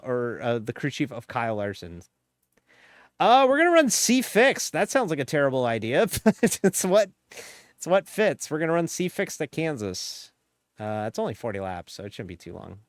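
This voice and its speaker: A man's voice: medium pitch, dry recording, clean studio sound. A man with a slightly nasal voice, chatting casually on a live stream and rambling with many fillers.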